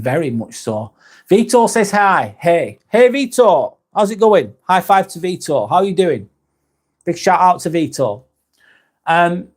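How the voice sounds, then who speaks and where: A man's voice: medium pitch, darkish tone. A man from northwest England, hosting a live stream in a casual chat style, reading viewer comments aloud and replying in a friendly way.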